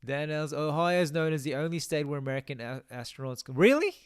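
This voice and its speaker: A man's voice: on the high side, fairly even intonation, fast talker, clear, resonant tone, dry recording, studio quality. A young man chatting casually on a game live stream, reading out viewer comments and musing aloud.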